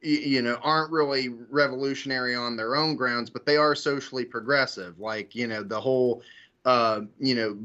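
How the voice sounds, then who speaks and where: A man talking politics in a casual discussion, hesitating and restarting as he goes, padding his sentences with filler words. His voice sits at an ordinary middle pitch. The recording is dull and lo-fi. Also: pushed and bright. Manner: halting, heavy with "you know" fillers. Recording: dull lo-fi audio.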